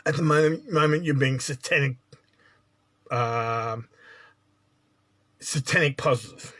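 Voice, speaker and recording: A man's voice: medium pitch, slow pace, long pauses, fairly bright tone. A man giving a spiritual monologue as a teacher, blunt and lecturing, often checking in with "right?".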